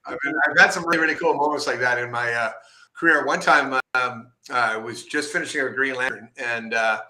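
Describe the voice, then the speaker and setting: A middle-aged man, a comic book artist, telling stories in a casual interview, animated and laughing often as he acts out the people he quotes. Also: mid-range voice, brisk, noisy background.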